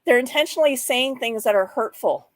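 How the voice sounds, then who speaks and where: A woman's voice: sits high, lively intonation, brisk, dry recording. Frank, chatty woman in a dry room. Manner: chatty and frank, laughing often, with playful asides. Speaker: host of a mental health livestream. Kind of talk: casual talk reading slides and chatting with viewers.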